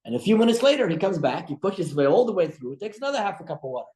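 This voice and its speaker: A man teaching a religious study class as a rabbi, telling stories in an animated way with frequent restarts. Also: high-pitched, very fast. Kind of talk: storytelling religious lesson. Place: room at a breakfast study group. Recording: echoey room.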